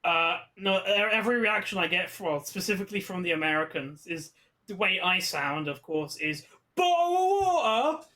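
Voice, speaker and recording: Teasing British man, high bright voice. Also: fairly even intonation, normal speed. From Britain. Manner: dry, teasing, ironic. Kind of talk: casual podcast chat.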